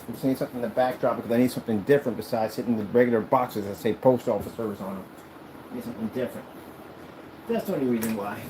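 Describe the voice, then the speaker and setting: A man with a medium-pitched voice who makes screens rants in a vlog while he works, and background noise is audible. He comes across as boastful, rambling, and mocking.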